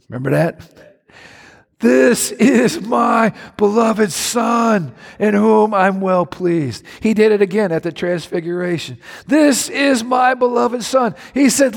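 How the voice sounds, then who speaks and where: Male pastor, mid-pitched, dramatic sermon delivery, long hall reverb. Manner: dramatic, rising to high voices for quoted mockers.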